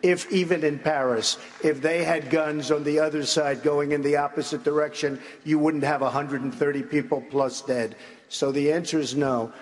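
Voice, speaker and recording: A man's voice: on the high side, fairly even intonation, moderate pace. An older man, answering in a live debate with blunt, repetitive, emphatic phrasing. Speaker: presidential debate candidate. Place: large debate hall with audience. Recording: broadcast audio in a reverberant hall with crowd.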